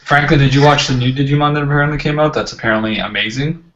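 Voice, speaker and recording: A man's voice: medium pitch, steady tone, rapid-fire, fairly bright tone. A man co-hosting a casual podcast, chiming in with short jabs. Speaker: podcast co-host. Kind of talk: casual banter among friends. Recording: dull lo-fi sound with clear background noise.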